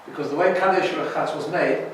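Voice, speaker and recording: A man's voice: fairly high pitch, a little fast, heavy reverb, recorded from a distance, a little hiss or hum, rough recording. A man teaching an informal Torah class as a rabbi, chatty and often checking in with "right?". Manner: chatty, keeps asking "right?".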